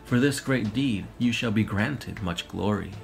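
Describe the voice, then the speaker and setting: A man's voice: fairly low pitch, unhurried, creaky, faint music behind. A solemn, commanding warrior-priest, as a man reads him. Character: stern armored space knight chaplain, commanding elder.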